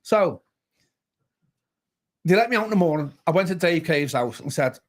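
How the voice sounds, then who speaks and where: A man's voice: fairly high pitch, moderate pace. A man with a Liverpool accent, a pastor telling a story as a guest, acting out each voice he quotes. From Liverpool area, England. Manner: animated, acts out each voice in his stories. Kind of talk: casual storytelling. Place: pub bar.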